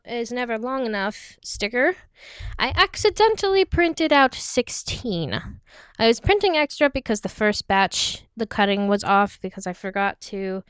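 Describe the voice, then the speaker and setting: An American woman, likely a young adult, vlogging a crafting tutorial in a chatty, self-deprecating way, sliding into a half-British lilt while explaining and going soft and quiet during careful steps. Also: mid-range voice, clean tone, no room sound. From United States.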